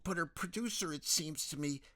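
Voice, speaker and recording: A man voicing a worried middle-aged mother who pleads softly and tenderly with her daughter. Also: low voice, normal speed, pitched above the performer's own voice. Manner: soft, coaxing, close to tears.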